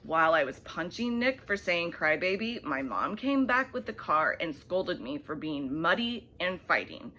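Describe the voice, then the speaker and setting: A woman reading a children's bedtime story aloud, animated and expressive, with soft hushed asides. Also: deep voice, normal speed, few pauses, a little hiss or hum.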